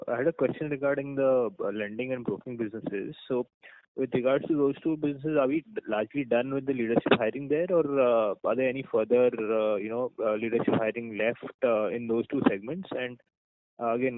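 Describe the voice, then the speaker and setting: Polite analyst, flat phone voice. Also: male voice, mid-range voice, no echo. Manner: polite, measured, many fillers. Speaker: investor caller. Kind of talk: analyst question on call. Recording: dry phone line audio.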